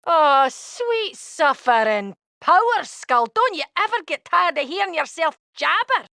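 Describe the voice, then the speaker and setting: An actress playing a blunt, sharp-tongued young female tiefling thief with a tail in game dialogue. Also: extremely high pitch, very animated, measured pace, gravelly, no echo, studio quality, heavily acted. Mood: scornful.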